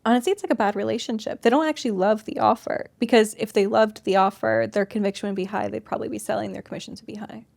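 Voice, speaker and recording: Gravelly-voiced woman guest, candid and chatty. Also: medium pitch, quick pace, hardly any pauses. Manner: candid, animated, peppered with "like". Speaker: sales coach and guest. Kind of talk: casual conversational interview.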